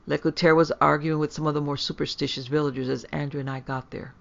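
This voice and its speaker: Gravelly man narrating a horror tale. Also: on the high side, little pitch movement, quick pace. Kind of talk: scripted horror story narration. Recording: dull lo-fi.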